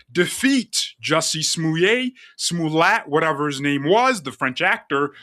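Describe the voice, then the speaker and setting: Man, sarcastic political commentary, theatrical, lively swings in pitch, slightly high. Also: a little slow, few pauses, dry recording, clean studio sound. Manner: mocking, theatrical delivery.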